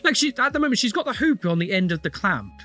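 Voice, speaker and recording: A man's voice: sits high, big pitch swings, quick pace, bright, forceful tone, faint music behind. A man hosting a reaction video, commenting on clips with sarcastic, exclaiming remarks.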